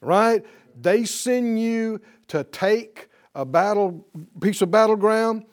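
A man's voice: sits high, slow. A man teaching a Bible lesson in an emphatic preaching style, calling out to his audience for responses. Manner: emphatic, rising on key words.

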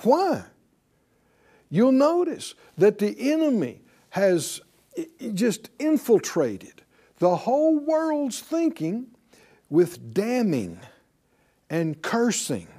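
A male pastor preaches in a high, lively voice that swoops up and down. He takes his time, stretching out his words, then teases the congregation and invites them to answer back. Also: slow. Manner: animated preaching with laughs and call-and-response. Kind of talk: sermon.

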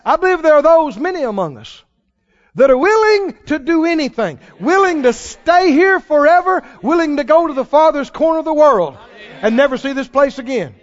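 A man preaching a sermon, swinging from loud declarations to hushed, quiet lines. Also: extremely high pitch, expressive, normal speed, in a large hall. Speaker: pastor. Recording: dull lo-fi sermon recording.

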